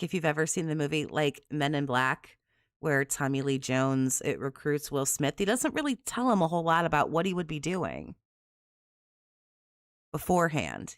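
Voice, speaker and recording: A woman co-hosting a stream, casually chatting and gently pushing back on the host. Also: deep voice, dry recording, studio quality. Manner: calm, gently contrarian, reads out chat messages. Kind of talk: casual reaction chat.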